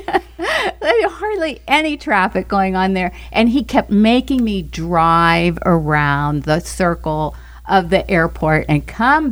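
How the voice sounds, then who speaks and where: A woman relates a personal story as a talk show guest, unhurried and measured. Her delivery is slow, with laughter slipping in between her sentences. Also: medium pitch. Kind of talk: testimony in a Christian talk show.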